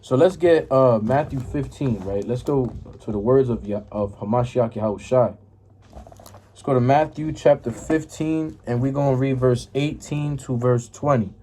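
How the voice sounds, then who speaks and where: Here a religious teacher works through scripture informally, reading verses, explaining them with casual repetition, tossing in "right?" and "man" often, and stumbling when finding passages. He has a mellow, mid-range voice at a moderate pace, with a little hiss or hum on the recording.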